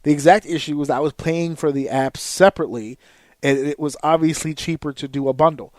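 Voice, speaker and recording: A man's voice: on the high side, brisk, dry recording. A man in his thirties hosting a podcast, telling a profane, exasperated story in a casual rant. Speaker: podcast host. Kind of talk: casual ranting monologue.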